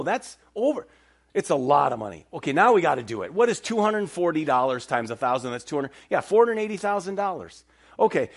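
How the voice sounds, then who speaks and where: A middle-aged man preaching a sermon as pastor, telling stories with animation and joking with the congregation. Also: medium pitch. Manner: animated storytelling, banter with the congregation.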